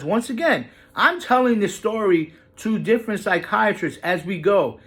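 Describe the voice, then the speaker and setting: A man recounts his own misadventure with lots of energy and salty language. His voice sits a bit high and swings widely up and down as he hits the punchlines. It's a loose, casual storytelling delivery. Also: normal speed. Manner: animated, profane, jumps pitch for emphasis. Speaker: vlogger telling a personal story.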